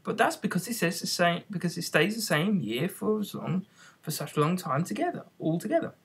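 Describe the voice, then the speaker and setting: A reader voicing a polite, curious young girl in an earnest, high voice, in an amateur audiobook. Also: very animated, a little fast, a bit bright, husky, heavily acted.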